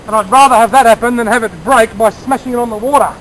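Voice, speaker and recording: A man's voice: extremely high pitch, steady tone, quick pace, a bit bright, slight background noise, rough recording. A man chatting enthusiastically as he fishes by a small creek outdoors, explaining his gear and sharing tips. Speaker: fishing vlogger. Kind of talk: casual outdoor narration.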